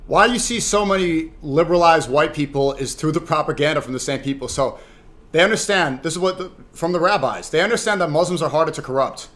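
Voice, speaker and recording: A man's voice: on the high side, lively intonation, brisk, a bit bright. A young man streaming, reacting to clips and chatting casually with his viewers in a rambling way. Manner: rambling, talks to chat.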